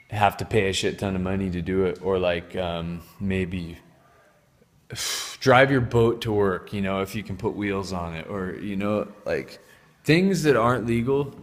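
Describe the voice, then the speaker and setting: A man's voice: sits low, creaky. A man hosting a casual vlog in a home workshop, rambling and swearing as he jumps between topics. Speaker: channel host. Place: home workshop showing tools. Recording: long reverb.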